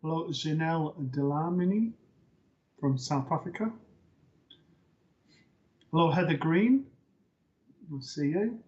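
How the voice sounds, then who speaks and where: A man's voice: fairly high pitch, slow pace, pauses often. Man hosting a live psychic show. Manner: relaxed, hesitant with fillers. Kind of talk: live-stream host talk. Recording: dull lo-fi stream audio.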